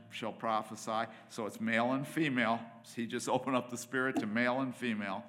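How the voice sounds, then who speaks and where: A middle-aged man delivers a sermon in a bright, forceful voice. He is impassioned, climbing to loud, emphatic peaks and then falling to near-whispered asides. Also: medium pitch. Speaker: preacher.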